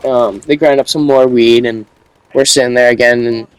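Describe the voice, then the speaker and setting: A young man tells a story in a loose, casual monologue. He rambles, repeats himself and restarts his sentences, and his slangy talk sits at a middle pitch for a man. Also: steady tone, normal speed, clear, resonant tone, poor audio.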